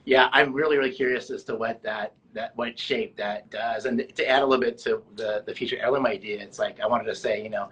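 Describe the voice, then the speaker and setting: Husky-voiced man, halting interviewer. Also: medium pitch, steady tone, a bit bright, poor audio. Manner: casual, halting questions with fillers. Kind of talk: conversational interview.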